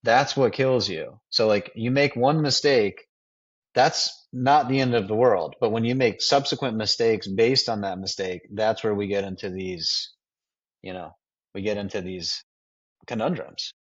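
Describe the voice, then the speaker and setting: A man's voice: lowish voice, measured pace, husky. A man co-hosting a casual political podcast, thoughtful, quoting a book and drawing lessons from it. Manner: reflective, quotes books. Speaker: podcast co-host. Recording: dull lo-fi sound.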